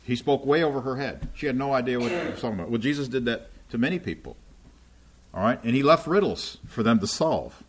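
A man's voice: medium pitch, expressive, brisk, slight background noise. A man preaching in a conversational teaching style, often checking in with his listeners as he explains scripture. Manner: checks in with listeners often, asking "right?" and "okay?".

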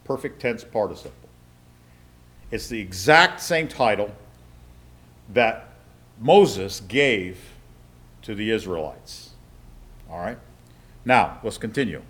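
A man's voice: fairly low pitch, lively intonation, slow, long pauses, a bit bright. A man giving a conversational Bible lesson. He reads scripture aloud with frequent asides, explains step by step and keeps checking in with his listeners. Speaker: Bible teacher.

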